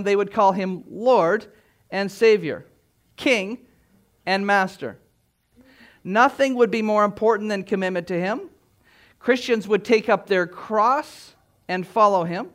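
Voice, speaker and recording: A man's voice: sits high, fairly bright tone. A man preaching a sermon as pastor, emphatic, with rhetorical questions and repeated phrases.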